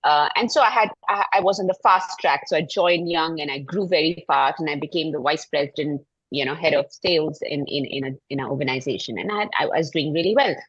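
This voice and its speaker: Husky Indian woman in panel talk. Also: deep voice, a bit bright, dry recording, dull audio. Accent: Indian English. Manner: halting, frequent restarts, emphatic. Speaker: panel speaker. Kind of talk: panel discussion, personal story.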